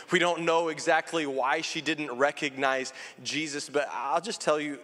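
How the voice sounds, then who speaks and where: A man's voice: medium pitch, fairly bright tone. A male pastor preaching a sermon, pleading and building with passion. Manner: impassioned, rising to a plea. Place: church sanctuary. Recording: church hall with long reverb.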